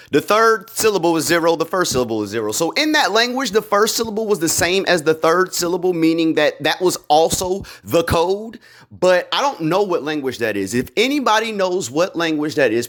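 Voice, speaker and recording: A man talking through a TV episode in a loose, excited vlog style. He uses a lot of slang, rambles, and fills his pauses with ums. His voice sits a little higher than most men's. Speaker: video creator recapping a TV episode. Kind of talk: casual theory recap vlog.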